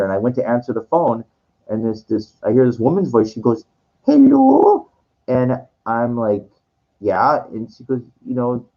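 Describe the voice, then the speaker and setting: A man's voice: on the low side, mellow. A man telling a long personal story in casual monologue, rambling and full of fillers and restarts. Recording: dull lo-fi recording.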